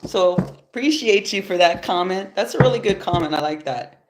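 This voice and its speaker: A woman's fairly low, animated voice comes through at normal speed with some background noise. She's a tarot reader at home after yoga, nasal from allergies, doing a loose, easygoing livestream reading on her phone while swearing in passing and often chuckling.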